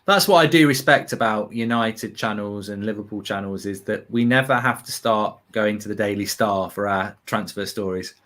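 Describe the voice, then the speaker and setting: An English man co-hosting a live football watchalong, chatting casually with animated, sweary banter and loud outbursts. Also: fairly low pitch, moderate pace, hardly any pauses. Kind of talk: casual live match chat.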